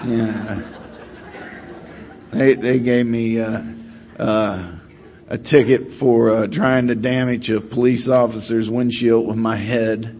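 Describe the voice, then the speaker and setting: A middle-aged man at a recovery meeting telling his story in a wry, self-deprecating way, rambling with many pauses. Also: mid-range voice, level tone, a little mellow. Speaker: speaker sharing at a recovery meeting. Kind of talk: storytelling share. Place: meeting room. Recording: slightly dull recording with faint room noise.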